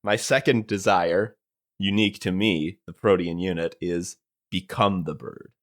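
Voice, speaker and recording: A man's voice: low voice, steady tone, a little slow. A man who is a guest player in a tabletop role-play podcast, talking in a playful, casual way and swearing now and then.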